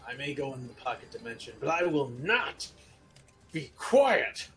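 A man's voice: mid-range voice, animated, unhurried, gravelly, soft background music. A man voicing a boastful trapped stone spirit. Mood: menacing.

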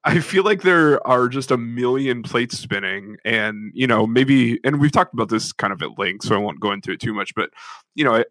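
Podcast dude, rambly, says like a lot, sharp bright voice, dead dry sound. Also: male voice, mid-range voice, expressive, moderate pace, no room sound. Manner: rambling, lots of filler "like". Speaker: podcast co-host. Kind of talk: casual podcast chat.

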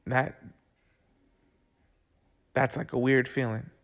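A man telling a personal story in a loose, casual way, swearing often and filling pauses with "like" and restarts. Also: mid-range voice, little pitch movement. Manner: loose and profane, with frequent "like" fillers and restarts. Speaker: storyteller recounting his own experience. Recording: clear music playing under the voice. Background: music.

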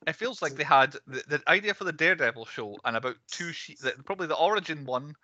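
A man's voice: a little high, expressive, sharp tone, no echo, dull audio. A man co-hosting a casual podcast, ranting with strong opinions about films and shows. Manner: opinionated, ranting, fast asides. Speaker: podcast co-host. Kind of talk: casual ranting film chat.

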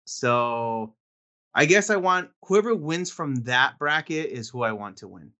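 A man's voice: medium pitch, lively intonation, a little slow, sharp tone. A man co-hosting a podcast in laid-back casual chat, often filling in with "um" and "dude". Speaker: podcast co-host.

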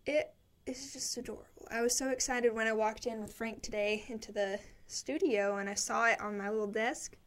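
A woman's voice: fairly high pitch, steady tone, moderate pace. Chatty upbeat young woman. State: a little out of breath. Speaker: live stream show host. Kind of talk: casual chat reading viewer comments. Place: studio cubicle.

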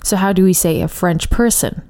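A woman co-hosting a podcast language lesson, explaining clearly and saying example words slowly. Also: lowish voice, mellow. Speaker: language teacher.

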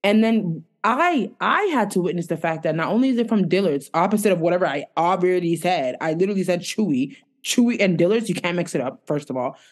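A woman's voice: on the low side, fairly quick. A woman co-hosting a home podcast, ranting with exasperation and plenty of swearing while telling a story. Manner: exasperated, profane, animated storytelling. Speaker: podcast co-host. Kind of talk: casual ranting chat. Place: home room with dogs.

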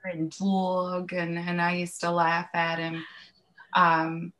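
A woman's voice: on the low side, completely flat delivery, takes it slowly, sharp tone. A woman in her late fifties with a Southern US accent, a podcast guest speaking candidly in a casual interview. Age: 50s.

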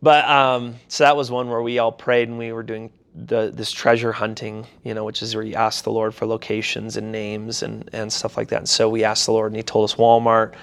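A man's voice: fairly low pitch, monotone, brisk, vocal fry, few pauses. A young adult man, a pastor, telling a personal story casually in an interview and animatedly acting out quoted voices.

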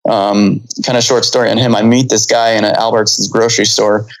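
A man's voice: fairly low pitch, flat delivery, fairly quick, rough recording. A man in his thirties, a pilot, telling a long story in a casual interview, rambling with many fillers and restarts. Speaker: pilot guest.

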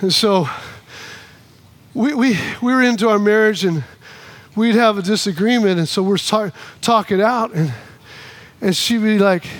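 A man preaching a sermon to a congregation, animated and repetitive, acting out both sides of his stories. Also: high-pitched, unhurried, pauses often. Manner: animated, repeats phrases, acts out both sides of arguments. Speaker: pastor. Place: church in front of a congregation.

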